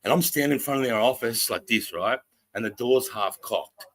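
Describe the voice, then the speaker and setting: An Australian man, a podcast host, telling a profane, animated story in a casual chat, acting out the voices of the people in it. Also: mid-range voice, moderate pace, low-quality recording.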